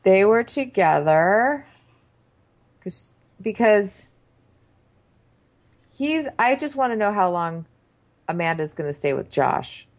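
A woman co-hosting a comedy recap, deadpan and mocking. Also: mid-range voice, slow, long pauses. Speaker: podcast co-host.

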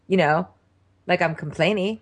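A woman's voice: lowish voice, normal speed, breathy edge. Wry woman co-hosting a chat. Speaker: podcast co-host. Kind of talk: casual chat.

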